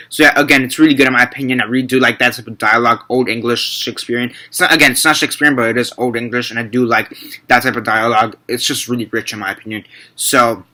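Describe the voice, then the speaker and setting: A man's voice: mid-range voice, pushed and bright. A young man giving a casual, rambling movie review, repeating and correcting himself and swearing freely.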